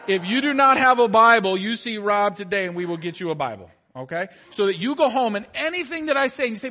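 A male pastor preaching a sermon to his congregation, animated, moving between soft asides and loud, emphatic exhortation. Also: sits high, brisk, few pauses. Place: church sanctuary.

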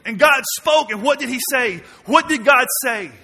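A man, preaching a sermon to his church, moving between quiet low asides and loud emphatic questions. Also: moderate pace, husky. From Mississippi, US. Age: 40s. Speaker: pastor. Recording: long reverb of a large hall.

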